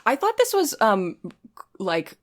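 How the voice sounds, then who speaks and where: A woman chatting on a podcast, cracking quick jokes and filling gaps with easy, chatty fillers. Her pitch sits mid-range but jumps around a lot from word to word. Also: huge pitch swings. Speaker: podcast cohost. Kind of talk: casual chat.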